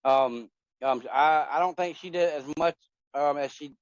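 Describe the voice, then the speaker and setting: A man in his forties talks at a normal speed in a fairly high, clear, resonant voice during a casual call on a phone voice chat app. His chat rambles with many fillers and restarts, recorded as dull lo-fi phone audio with no echo.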